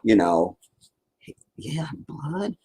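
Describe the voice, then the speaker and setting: A man's voice: on the high side, sing-song, very slow, dark tone, husky, low-quality recording. A man giving casual live-stream political commentary in a blunt, rambling, profane rant.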